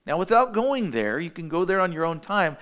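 A man preaching a sermon as pastor, walking through Bible verses one by one and acting out quoted voices with sudden high bursts. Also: very animated, brisk, fairly bright tone.

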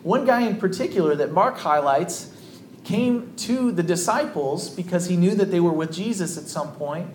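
A man with a fairly high voice delivers a sermon, telling the story in a relaxed, conversational way. The sound carries the echo of a large church room, with a faint hum of ambience behind. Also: moderate pace. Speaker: pastor.

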